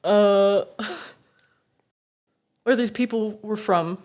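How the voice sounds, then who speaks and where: A woman player in a tabletop game, talking in character and at the table, animated and self-interrupting. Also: medium pitch, extremely slow. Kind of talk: in-character play and table talk.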